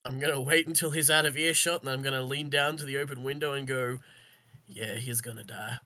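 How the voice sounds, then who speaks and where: A man's voice: on the high side, flat delivery, pushed and bright, dry recording. A man playing in a tabletop game, asking questions and cracking jokes. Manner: joking, quick in-character quips. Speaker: player. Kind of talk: casual tabletop play.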